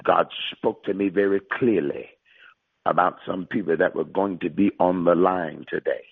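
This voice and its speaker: A man's voice: sits low, normal speed, gravelly, slightly rough, dry recording. A male pastor preaching and prophesying to listeners on a conference call, emphatic and repetitive, drawing out key phrases. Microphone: phone line. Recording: tinny phone line.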